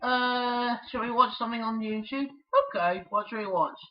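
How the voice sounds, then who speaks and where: A man performing toy characters in a playful fan video, shouting and giggling between voices. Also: very high-pitched, normal speed, lo-fi sound. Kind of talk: playful toy-play acting.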